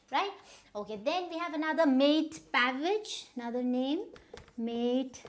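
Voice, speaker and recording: A woman with an Indian English accent explains how to say words in an informal lesson. Her voice sits a little high. She talks at an easy pace and often stops to check that her listeners are following. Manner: unhurried, stops often to check understanding with "right?". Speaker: pronunciation teacher.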